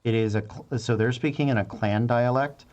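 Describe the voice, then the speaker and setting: A man narrating as game master in a tabletop game, halting with frequent fillers and restarts. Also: mid-range voice, a little mellow, muffled recording.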